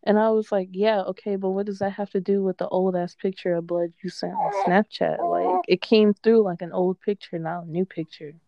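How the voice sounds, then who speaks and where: A woman in a casual chat, telling an animated, profane story and quoting what others said. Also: mid-range voice, normal speed, vocal fry, few pauses, dull audio, a little hiss or hum.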